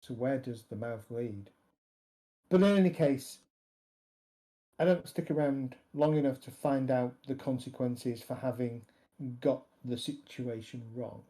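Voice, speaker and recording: A man voicing a calm, matter-of-fact man who plans to blow up a monster, speaking flatly and without emotion. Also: mid-range voice, lightly acted, rough recording. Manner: flat, unemotional, deliberate.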